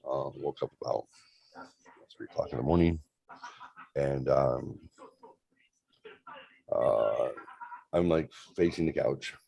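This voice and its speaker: A man's voice: a bass voice, slow, gravelly, pauses often, warm tone. A man in his forties casually telling a long story on a livestream, loose and profane, with lots of rambling asides. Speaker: show host.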